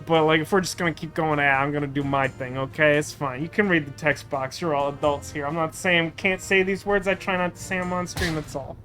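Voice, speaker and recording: A man's voice: fairly high pitch, steady tone, a little fast, hardly any pauses, bright, forceful tone, faint music behind. A man streaming a game with chatty, rambling, self-mocking commentary. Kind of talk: casual let's-play commentary.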